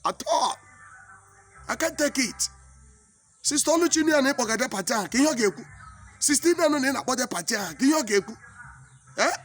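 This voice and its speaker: High-voiced Nigerian man telling a comic tale. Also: fast talker, soft background music. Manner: animated and exclaiming, with repetitions. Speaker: comic storyteller. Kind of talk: comic monologue in pidgin English.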